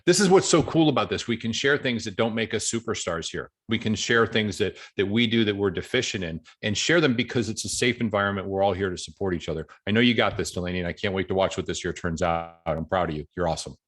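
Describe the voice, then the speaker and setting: Guy coaching a real estate group on a call, animated, tells stories, upbeat. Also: lowish voice, fast talker, few pauses.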